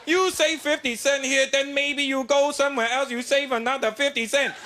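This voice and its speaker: A man doing a pushy, high haggling shopkeeper. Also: steady tone. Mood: lecturing. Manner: broken English, slow insistent lecturing. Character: haggling male mall shopkeeper, stubborn and pushy. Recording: live show with loud audience noise.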